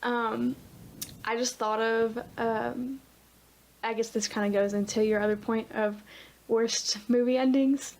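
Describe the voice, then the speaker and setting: Rambling young woman, slightly high voice. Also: level tone, measured pace, a little mellow. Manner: rambling, hesitant, many "um"s and "like"s. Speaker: podcast co-host. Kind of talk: casual chat.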